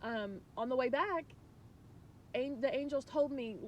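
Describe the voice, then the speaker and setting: A woman's voice: high-pitched, a little slow, lo-fi sound, slight background noise. A woman spiritual coach talking casually and earnestly to viewers, rambling with many restarts and sharing emotional, confiding thoughts.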